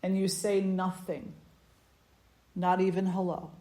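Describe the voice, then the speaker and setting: A woman spiritual teacher giving a satsang talk, telling stories gently in short, unhurried phrases. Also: on the low side, flat delivery. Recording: echoey room.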